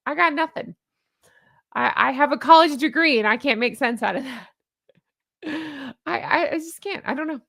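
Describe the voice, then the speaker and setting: A woman's voice: high-pitched, normal speed, creaky, pauses often, a bit bright, dry recording, studio quality. A woman in her forties giving casual commentary as a vlogger, sarcastic and exasperated, often laughing. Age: 40s.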